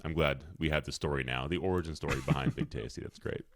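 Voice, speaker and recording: A man's voice: extremely low pitch, fast, no room sound. A man co-hosting a podcast, chatting in a friendly, upbeat way with plenty of fillers, speaking into a podcast microphone. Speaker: podcast co-host. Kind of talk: casual podcast chat.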